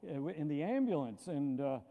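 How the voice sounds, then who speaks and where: An older man, a pastor, giving a lively, animated storytelling lecture with frequent restarts. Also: on the high side, a little fast, phone-quality sound. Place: lecture hall. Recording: long hall reverb.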